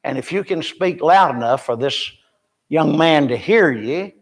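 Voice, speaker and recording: A man's voice: a little high, lively intonation, measured pace. Folksy older man giving a church report. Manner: folksy, rambling, self-deprecating humor. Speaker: missionary reporting to a Bible class. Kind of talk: informal church class talk. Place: church classroom.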